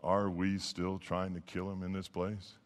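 A man preaching a sermon as pastor, impassioned, swinging from hushed lines to emphatic ones. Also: low-pitched, completely flat delivery, unhurried, long reverb tail. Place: church sanctuary.

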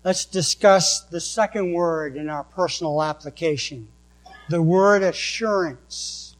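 A pastor with a New England accent and a voice a little high for a man reads verse after verse in his sermon at an unhurried, deliberate pace. The recording is rough, with a faint electrical hum underneath.

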